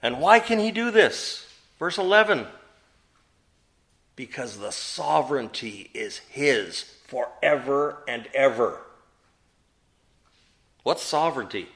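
A man's voice: mid-range voice, expressive, slow, long pauses, a bit bright. A man teaching a Bible study to a group, asking them questions and answering them himself, with emphatic stress on key words.

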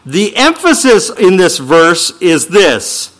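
Male pastor mid-sermon: emphatic delivery, lively rising and falling pitch, a touch high. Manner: emphatic, swings from slow declaiming to quick asides. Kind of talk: sermon with scripture reading.

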